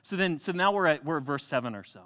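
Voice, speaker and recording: A young adult man preaching a sermon in a church, telling the story with animated energy, acting out voices and laughing often. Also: on the high side, quick pace. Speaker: pastor.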